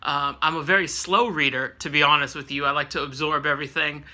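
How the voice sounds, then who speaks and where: Guy in his late 30s rambling about books, um and uh everywhere, kinda high, really bright voice. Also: fairly even intonation, a little fast. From California. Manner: rambling, chatty, with frequent fillers and self-corrections. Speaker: book reviewer. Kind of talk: casual book review vlog.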